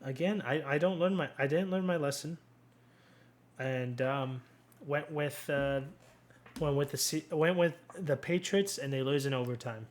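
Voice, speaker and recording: A man's voice: fairly high pitch, unhurried. A young man hosting a casual solo sports recap, rambling and blunt, swearing freely and restarting his sentences often. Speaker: sports commentary host.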